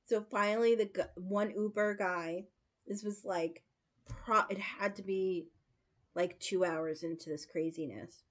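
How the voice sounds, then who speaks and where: A late-forties American livestream host speaks at a measured pace with medium pitch and fairly even intonation. She casually tells her viewers stories, laughing a lot and filling gaps with filler words.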